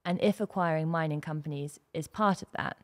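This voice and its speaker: A woman's voice: low-pitched, a little fast. A woman co-hosting a casual kitchen-table chat, talking in a chatty way and laughing at herself. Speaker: co-host.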